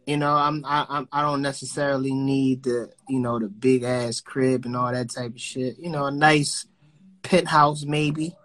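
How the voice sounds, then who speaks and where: A man's voice: medium pitch, level tone, normal speed, fairly bright tone. A man in casual chat, talking loosely and profanely and often circling back on his words. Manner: loose, profane, rambling and repeats himself.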